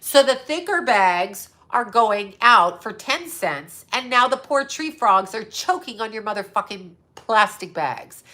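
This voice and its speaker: A woman's voice: medium pitch, sharp tone. A middle-aged woman hosting her own channel, ranting angrily and sarcastically to her viewers and swearing often. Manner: angry, profane, sarcastic ranting. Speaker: psychic medium and channel host.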